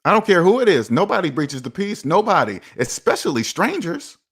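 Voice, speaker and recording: His high, slightly rough voice swings widely in pitch and runs a little fast. He's a personal finance vlogger in a casual motivational monologue, speaking straight to viewers in an emphatic, preachy way and repeating himself for effect.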